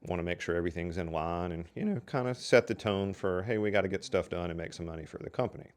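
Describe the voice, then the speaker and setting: An older man tells casual stories from his working life, folksy and chatty, peppering them with lots of "so anyway" and "you know." His voice sits low, and he speaks at a quick pace.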